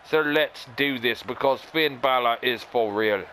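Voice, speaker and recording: A man reading out a wrestler's challenge to a rival in a flat, mock impression. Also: mid-range voice, a little slow, a little hiss or hum, low-quality recording. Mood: stern. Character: challenging male wrestler calling out a foe.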